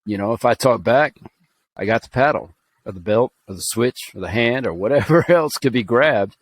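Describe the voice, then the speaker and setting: A man's voice: mid-range voice, lively intonation, moderate pace. A man from Alabama telling a personal story on a podcast, earnest and rambling, with fillers and restarts. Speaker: podcast co-host.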